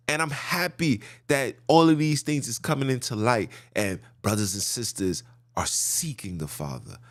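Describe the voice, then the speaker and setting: A man's voice: mid-range voice, vocal fry, dry recording, clean studio sound. A man hosting a podcast, giving impassioned religious talk with street slang. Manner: passionate, preachy, street slang. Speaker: podcast host.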